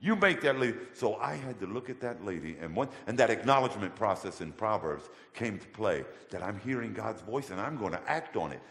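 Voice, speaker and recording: A man telling his testimony as a guest in a church, colloquial and animated. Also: on the low side, fairly quick, vocal fry, hardly any pauses. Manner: animated, colloquial, acts out voices in his stories. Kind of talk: storytelling testimony. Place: church hall. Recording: echoey church hall with long reverb.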